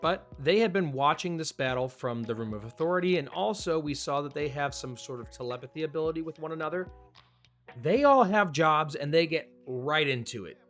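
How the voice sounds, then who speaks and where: A man's voice: on the high side, expressive, fairly quick, fairly bright tone. Chatty man over faint guitar music. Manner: chatty, enthusiastic, with small restarts. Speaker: manga review host. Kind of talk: casual commentary.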